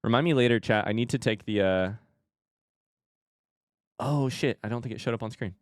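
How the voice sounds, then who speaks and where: Young guy streaming, chatting w/ chat, gets loud and hyped fast, clean dry sound. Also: medium pitch, no room sound. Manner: excitable, swings from hushed to shouting. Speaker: streamer host. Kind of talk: casual live stream chat.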